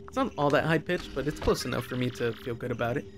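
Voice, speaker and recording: Gravelly young man chatting over gameplay. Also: mid-range voice, fast talker. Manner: reads game text aloud, chatty asides. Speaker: let's play host. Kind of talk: casual let's play commentary with voiced dialogue. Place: his garage.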